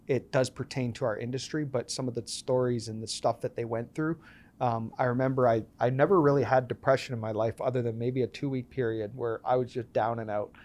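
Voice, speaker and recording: A man's voice: mid-range voice, a little fast. A man in his thirties, a podcast guest, telling stories and acting out the dialogue in them. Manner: animated storyteller acting out quoted dialogue. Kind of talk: storytelling interview.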